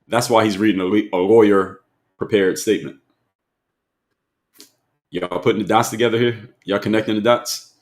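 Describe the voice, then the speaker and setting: A man with a fairly low voice hosts a live stream and talks straight to his viewers. He drives his points home with repetition and keeps quizzing the chat. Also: fairly even intonation, normal speed, long pauses.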